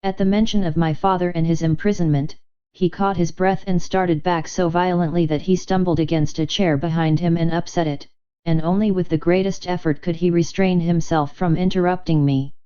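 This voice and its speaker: A woman narrating a novel in first person as an audiobook, in a measured, wry storytelling manner. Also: fairly low pitch, steady tone, dark tone, smooth, lo-fi sound.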